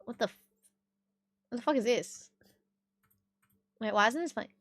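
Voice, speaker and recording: A woman's voice: on the high side, measured pace, a bit bright, dry recording, studio quality. An Australian woman streaming live, chatting casually with her chat, swearing freely and laughing often.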